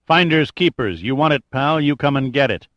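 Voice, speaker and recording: A man's voice: mid-range voice, lively intonation, moderate pace, fairly bright tone, no room sound, highs cut off, pitched above the performer's own voice, close to an everyday voice. A man voicing a cool, sardonic tough-guy hero who answers threats with cold wisecracks. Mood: dry sarcastic.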